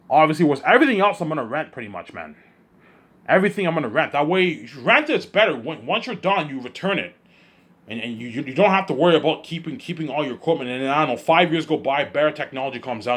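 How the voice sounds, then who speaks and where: Fast, husky man rambling on. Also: mid-range voice. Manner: repetitive, restarts sentences, daydreaming aloud. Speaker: vlogger. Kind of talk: rambling solo monologue.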